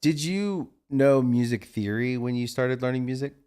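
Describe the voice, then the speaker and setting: A man's voice: mid-range voice, normal speed, darkish tone, clear, resonant tone. A man hosting a podcast interview, asking questions with admiring enthusiasm in a casual way. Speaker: podcast host.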